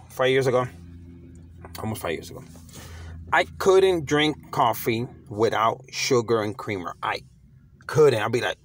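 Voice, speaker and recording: A middle-aged man who works as a motivational vlogger gives a casual pep talk full of slang, with a medium-pitched voice and no echo. He's emphatic and conversational, repeating himself as he keeps restarting his phrases.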